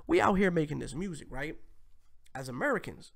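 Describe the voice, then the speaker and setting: A man hosting a casual commentary show, reacting to clips in a loose, profane, animated way. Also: fairly high pitch, fairly quick, creaky. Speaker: host.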